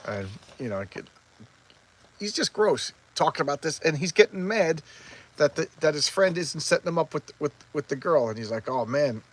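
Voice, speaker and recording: Male comic reviewer, rambling, animated, slightly high voice. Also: moderate pace. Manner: rambling, acts out characters' lines. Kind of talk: casual comic recap.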